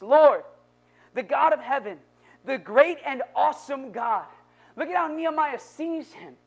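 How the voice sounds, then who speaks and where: A male pastor delivering a sermon, moving from quiet, low passages to loud, building exhortation. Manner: dynamic preaching, dropping low then building to shouts.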